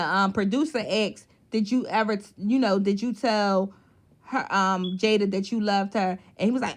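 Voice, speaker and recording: Woman recap host; blunt, cussing, exasperated. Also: fairly high pitch. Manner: blunt, profane, exasperated ranting. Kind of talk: casual recap commentary.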